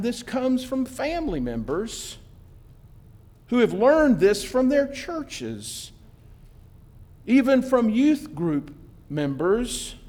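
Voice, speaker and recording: A male minister delivering a sermon in church. His voice sits notably high for a man, and he speaks slowly and deliberately. His manner is gentle and earnest.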